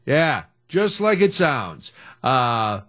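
A middle-aged man, hosting a casual radio talk show in an animated, jokey, opinionated way. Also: medium pitch, very slow.

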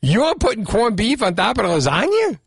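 Male call-in host, high lively voice, playful teasing. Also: normal speed, creaky, slightly rough. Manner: animated, teasing, joking with callers. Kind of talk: lively call-in radio banter. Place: radio studio. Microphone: studio microphone.

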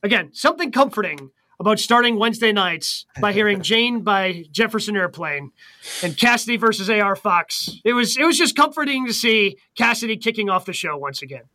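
Bright tone, casual podcast chat, wry joking asides, co-host. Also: mid-range voice, animated, brisk.

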